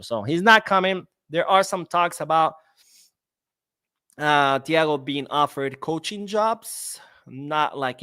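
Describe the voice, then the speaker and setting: A man's voice: medium pitch, fairly bright tone, dry recording, clean studio sound. A young man hosting a live-streamed football podcast, ranting sarcastically and reading out viewer comments. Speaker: podcast host.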